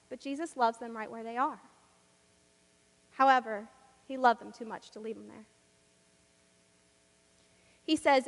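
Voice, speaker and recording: Woman preaching in church, real high voice, rhythmic and emphatic, long echo. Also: measured pace, vocal fry, pauses often. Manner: rhythmic, repetitive, emphatic and animated. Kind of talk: sermon.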